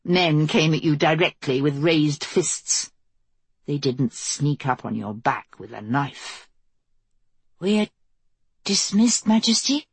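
Husky-voiced woman narrating a story. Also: sits low, steady tone, takes it slowly, no room sound. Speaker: audiobook narrator. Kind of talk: scripted fantasy narration.

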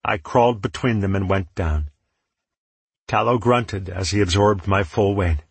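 A man narrating a first-person story as an audiobook narrator, in an even, measured reading. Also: low voice, gravelly, slightly rough, no echo.

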